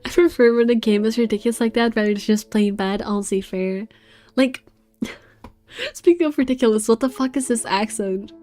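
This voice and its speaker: A woman's voice: on the high side, normal speed, a little mellow, soft background music. Laughing, swearing woman streamer. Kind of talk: live game commentary and read-aloud.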